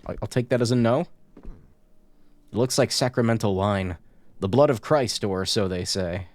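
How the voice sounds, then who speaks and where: A man streaming a horror game, reading the on-screen notes aloud and tossing in joking asides in a casual, relaxed way. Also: lowish voice, unhurried, dry recording.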